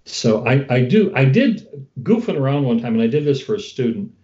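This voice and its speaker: A man's voice: medium pitch, very animated, a little fast, dark tone. A man hosting a podcast, chatting about gigs in an amused, storytelling way. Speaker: podcast host and guitarist. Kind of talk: casual chat. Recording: dull lo-fi sound.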